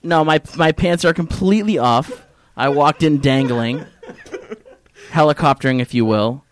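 A man on a radio comedy show speaks in a slightly high voice. His tone is deadpan and mock-earnest as he spins a silly story. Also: normal speed. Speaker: studio guest. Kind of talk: casual comedy chat.

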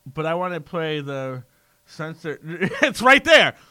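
A man's voice: fairly high pitch, slow, smooth, no room sound. A man co-hosting a podcast in casual banter, telling stories with lots of laughter. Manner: laughing, animated storytelling. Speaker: podcast co-host.

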